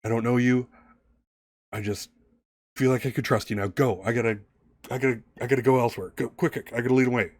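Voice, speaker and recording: A man's voice: medium pitch, fairly even intonation, quick pace, pauses often, a little mellow, no echo, voice pushed up, lightly acted. A man voicing a scared young man in his twenties who is being hunted and pleads urgently for help. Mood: hurried.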